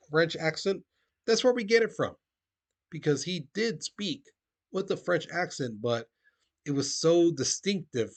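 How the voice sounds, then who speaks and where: Chatty man teaching a history lesson. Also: fairly high pitch. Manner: casual, conversational, peppered with "okay?" and "the thing is".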